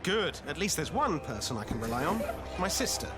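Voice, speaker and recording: An actor playing a proud, hot-headed young knight in a story-driven game, quick to anger. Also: male voice, a little high, sing-song. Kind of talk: game voice acting. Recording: game audio with loud music.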